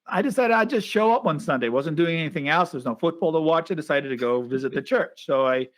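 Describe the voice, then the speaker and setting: A man's voice: fairly high pitch, quick pace. A man hosting a podcast, telling a story in casual chat and acting out the voices of the people in it. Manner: lively storyteller who acts out quoted voices. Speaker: podcast host.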